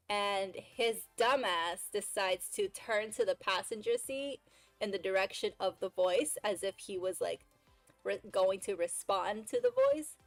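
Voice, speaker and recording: A woman's voice: medium pitch, no echo, low-quality recording. A woman streamer retelling a story in a casual, chatty way, full of fillers and exasperated asides.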